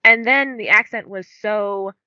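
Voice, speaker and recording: A woman's voice: medium pitch, unhurried, sharp tone, dry recording, lo-fi sound. A young woman co-hosting a book podcast, chatting casually and filling her talk with "like". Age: young adult. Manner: chatty, many "like" fillers. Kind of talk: casual chat.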